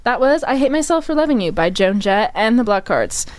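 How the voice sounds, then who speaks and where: A woman's voice: on the high side, sing-song, fairly quick, music in the background. A young woman hosting a casual radio show, introducing songs and chatting with a giggly, rambling manner. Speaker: radio host.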